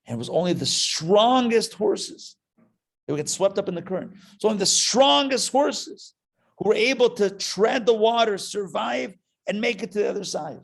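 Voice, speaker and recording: A homesick Kazakh prisoner, as a rabbi tells it. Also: male voice, on the low side, expressive, slow pace, gravelly, long pauses, slightly rough, exaggerated voice. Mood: rousing. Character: grieving male Kazakh prisoner praising horses.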